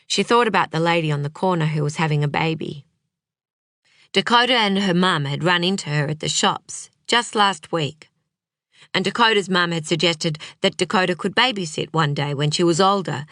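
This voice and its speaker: A woman reading an audiobook in a measured, unhurried way. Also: lowish voice, fairly bright tone, dry recording, clean studio sound. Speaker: audiobook narrator. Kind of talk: scripted audiobook narration.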